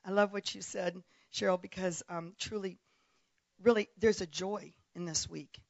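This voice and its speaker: A woman's voice: lowish voice, fairly even intonation, moderate pace, gravelly, no echo, highs cut off. A woman from South Africa who grew up partly in Texas, a guest preacher opening her sermon with chatty remarks and laughter. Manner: warm, chatty, laughs often. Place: church pulpit.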